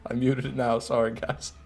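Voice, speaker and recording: A man's voice: medium pitch, little pitch movement, normal speed, creaky, loud music behind the voice. Man grumbling over a game stream. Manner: joking, grumbling to chat. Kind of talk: casual gameplay commentary.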